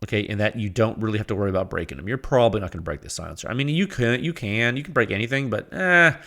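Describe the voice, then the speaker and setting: Animated, laughing male podcast host. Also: on the low side, racing. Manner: animated, laughing often, exasperated rants; rambling with frequent restarts and quoted asides. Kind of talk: casual podcast monologue.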